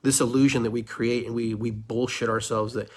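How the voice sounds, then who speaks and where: In a brisk, mid-range voice with little pitch movement, a middle-aged man hosts a solo podcast. His monologue is impassioned and preachy, with phrases repeated for emphasis.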